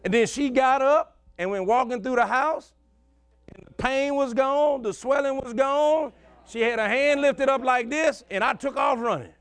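A man's voice: very high-pitched, moderate pace, fairly bright tone, clear, resonant tone, no room sound. A male pastor, preaching a sermon in a folksy call-and-response style and telling stories from his own life.

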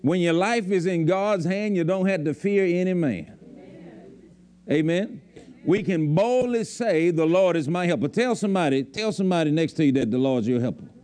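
High-voiced preacher pressing his point. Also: animated, moderate pace, warm tone. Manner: emphatic, repeats lines for the congregation. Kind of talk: sermon. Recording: faint crowd from the congregation. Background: congregation.

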